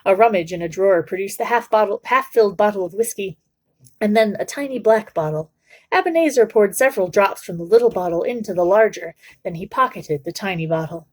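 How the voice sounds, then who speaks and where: A woman with a mid-range voice reads a children's novel aloud for a book club, telling the story in a steady, measured way.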